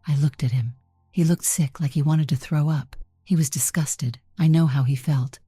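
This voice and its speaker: Very deep, husky woman narrator. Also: fairly even intonation, normal speed, dry recording, studio quality. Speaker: story narrator. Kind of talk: first-person story narration. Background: soft background music.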